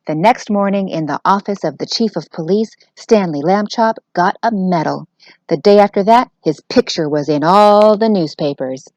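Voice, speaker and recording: A woman teacher reading a children's book aloud, expressive and aimed at young listeners. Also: mid-range voice, normal speed, dry recording, rough recording.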